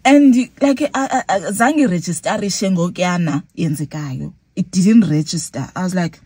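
In a dry recording, a young woman with a Xhosa South African accent speaks at normal speed with few pauses, her fairly low voice dark and slightly rough. She's storytelling casually on her vlog, mixing English and Xhosa and acting out her responses.

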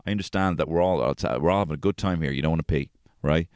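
A man hosting a podcast, telling casual stories about his family, swearing freely and jumping into high-pitched voices when quoting people. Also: racing, no room sound, clean studio sound. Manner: swears freely, animated, acts out quotes in a high voice. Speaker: podcast host. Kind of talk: casual storytelling chat.

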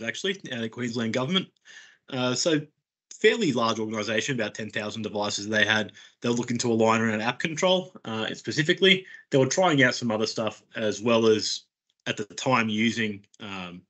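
A man's voice: lowish voice, fairly bright tone. A man co-presenting a webinar, answering in brief, matter-of-fact remarks.

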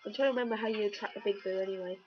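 A woman with a mid-range voice and fairly even intonation races through casual, jokey, rambling let's-play commentary on a video game. It's captured on a webcam or computer mic, giving a dull lo-fi recording with loud game music.

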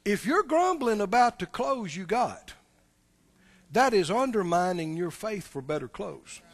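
A man's voice: high-pitched, sing-song, measured pace, no echo. A man preaching a sermon, emphatic and repetitive, speaking directly to the congregation. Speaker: pastor.

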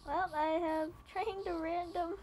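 A woman's voice: very high voice, steady tone, unhurried, a little mellow, slight background noise. A young woman chatting casually while gaming, chatty and easily distracted. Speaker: gamer.

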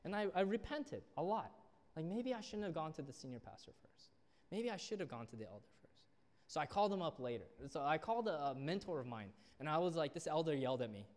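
A young man gives a sermon as a youth pastor, talking fast in a slightly high, very animated voice with a darkish tone. He narrates stories and impersonates those he quotes, all under a church hall's long reverb.

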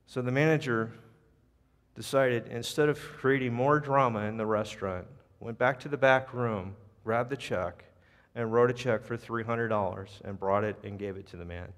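An American man preaching to his congregation, drawing listeners into a story with an animated delivery. His mid-range voice carries a long reverb through the church sanctuary. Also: medium pitch, moderate pace. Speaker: pastor. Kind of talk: sermon.

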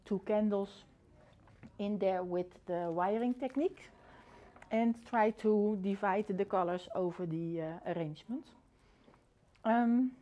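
A middle-aged woman casually presenting her flower arrangement in a classroom, in a relaxed, hesitant way with many pauses. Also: medium pitch. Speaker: floristry student and shop owner. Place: floristry classroom.

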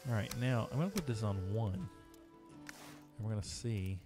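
A man's voice: lowish voice, expressive, moderate pace. A man streaming a video game live, chatting casually with viewers as he plays. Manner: chatty, talking to chat while playing. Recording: music playing behind.

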